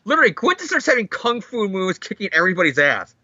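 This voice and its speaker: A man's voice: high-pitched, very animated, fast, bright, forceful tone, dry recording. A man co-hosting a casual comic book podcast, talking animatedly, swearing freely and mocking the characters in silly voices. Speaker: podcast co-host. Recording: dull lo-fi dry sound.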